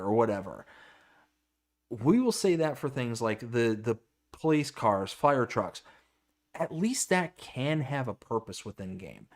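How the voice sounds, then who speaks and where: A man's voice: mid-range voice, a little mellow. A man co-hosting a casual live stream, stammering and exasperated as he reacts and reads chat comments aloud. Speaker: livestream co-host.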